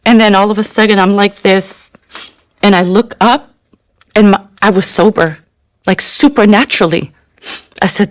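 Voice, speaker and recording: A woman's voice: medium pitch, dry recording. A woman giving an earnest, emotional personal testimony. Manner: earnest, emotional, slow in places. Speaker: testimony speaker.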